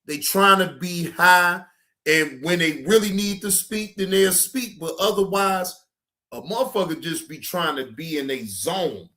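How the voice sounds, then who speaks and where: A man's voice: high-pitched, measured pace, sharp tone. A middle-aged man hosting a stream, ranting casually in a drawling, profane, emphatic way. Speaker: streamer host. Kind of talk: casual live-stream rant.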